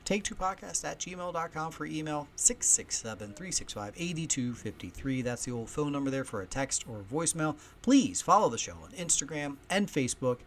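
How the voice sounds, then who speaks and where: Chatty male podcast host, lively delivery. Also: on the high side, normal speed, hardly any pauses, a little hiss or hum. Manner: chatty storyteller, lively swings in loudness. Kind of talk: casual solo podcast chat. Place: home. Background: faint ambience of heating and kids upstairs.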